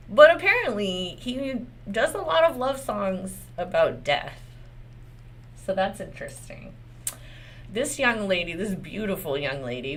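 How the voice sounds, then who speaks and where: A Texan woman lawyer talks through a case in a loose, conversational way, cursing freely and tossing out rhetorical questions. Her pitch swings a lot, and a faint hiss sits under the recording. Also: fairly bright tone. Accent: Texas. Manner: candid, profane, rhetorical questions. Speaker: lawyer commentator. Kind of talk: casual legal commentary.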